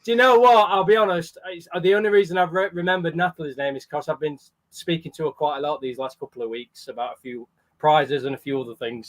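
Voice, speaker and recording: A man's voice: sits high, a bit bright. A man hosting a charity livestream in a casual, chatty way, greeting viewers by name. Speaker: livestream host.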